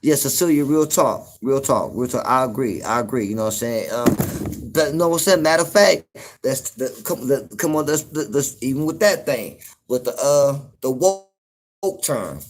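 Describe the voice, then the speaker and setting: A man hosting his own show, talking in a loose, rambling commentary full of fillers and cursing, getting loud and incredulous when something riles him. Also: mid-range voice, animated, normal speed, background noise. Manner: laid-back, rambling, frequent fillers and profanity. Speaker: podcast host. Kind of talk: casual commentary monologue.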